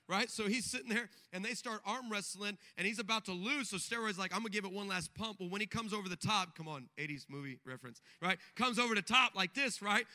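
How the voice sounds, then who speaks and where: High bright-voiced male pastor preaching. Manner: emphatic, acts out quoted voices in his stories. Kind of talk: sermon with humorous storytelling.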